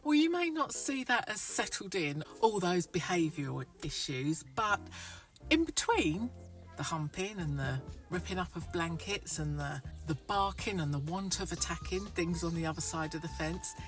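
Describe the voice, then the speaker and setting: A woman's voice: on the low side, very animated, moderate pace. Wry woman in her fifties narrating. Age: 50s. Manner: frank, wry storytelling with bursts of enthusiasm. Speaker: vlogger. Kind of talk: voice-over narration. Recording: somewhat distant voice over clear music.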